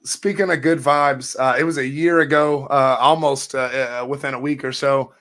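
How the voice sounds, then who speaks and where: A man hosting a casual podcast, enthusiastic but halting, with many "uh"s. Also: mid-range voice, steady tone, a bit bright. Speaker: podcast host. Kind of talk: casual chat.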